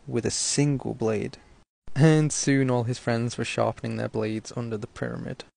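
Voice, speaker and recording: Gravelly-voiced man narrating a video. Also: mid-range voice, little pitch movement, normal speed, darkish tone. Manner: conversational, with rhetorical asides. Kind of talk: casual explainer narration.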